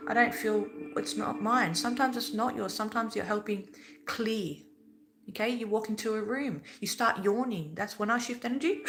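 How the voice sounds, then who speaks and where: A spiritual vlogger gives an earnest, preachy talk in a casual manner, her mid-range voice captured on poor audio. She swears now and then.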